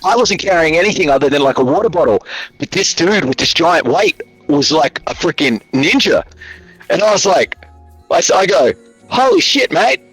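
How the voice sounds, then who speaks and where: A man's voice: on the high side, lively intonation, normal speed, fairly bright tone, husky, no echo, faint music behind, rough recording. A man with an Australian accent, a guest telling rambling, joking stories in a casual interview over a call. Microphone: video call.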